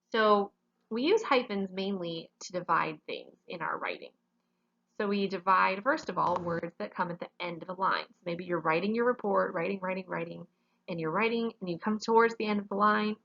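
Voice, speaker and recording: A woman's voice: mid-range voice, bright, forceful tone, lo-fi sound. A woman teaching a grammar lesson in a classroom, explaining each rule step by step and often checking with "okay?".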